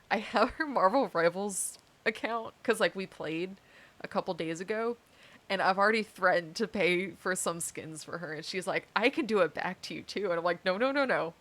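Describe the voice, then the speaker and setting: A woman's voice: on the low side, a bit bright. A woman streamer chatting casually while playing a game, telling stories in a chatty, giggly way. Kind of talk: casual chat while gaming.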